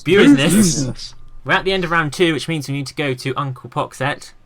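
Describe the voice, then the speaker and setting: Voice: medium pitch, fast, a crowd in the background. A podcast host running a quiz game, playful and teasing with the guests. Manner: playful, teasing, laughing often.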